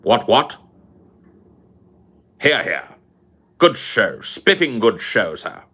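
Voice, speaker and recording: Pompous upper-class English gentleman, as a man puts him on, mock posh accent, deep voice, haughty and blustering. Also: sing-song, slow pace, husky, full character voice. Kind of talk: comedic impression.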